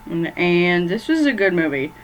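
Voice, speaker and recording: Chatty woman in her bedroom going on about horror movies, lotsa "like" and "um", lowish voice, faint hiss behind. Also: big pitch swings, moderate pace, rough recording. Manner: rambling, filler-heavy, loses track of names. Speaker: movie vlogger. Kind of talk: casual movie ranking chat.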